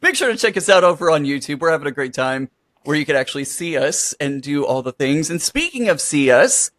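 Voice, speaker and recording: Animated male podcast co-host, dry sound. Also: on the high side, a little fast, dry recording. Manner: upbeat, animated, plugs the show. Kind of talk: casual chat.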